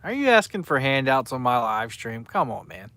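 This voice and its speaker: A man's voice: medium pitch, very animated, moderate pace, bright, forceful tone, no room sound. Chatty man live-streaming while fishing. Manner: rambling, chatty, reads out viewer names. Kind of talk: casual live stream chat. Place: outdoors by the water at night.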